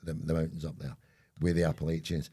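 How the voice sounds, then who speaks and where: Scottish guy cohost, dark husky voice, jokey rambling banter. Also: very deep voice, completely flat delivery, fast talker. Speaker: podcast co-host. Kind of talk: casual chat.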